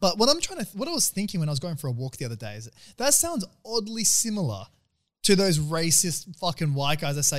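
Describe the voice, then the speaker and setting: A man, co-hosting a podcast in casual chat and swearing freely. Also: a little high. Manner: swears freely, fast and animated. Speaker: podcast co-host.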